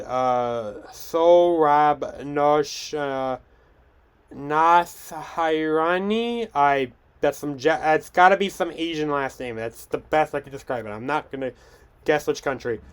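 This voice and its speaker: Young male host, a touch high, clean smooth tone, stumbles and restarts as he chats. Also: fairly bright tone. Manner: rambling, frequent restarts and stumbles. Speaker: podcast host. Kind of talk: casual film news chat.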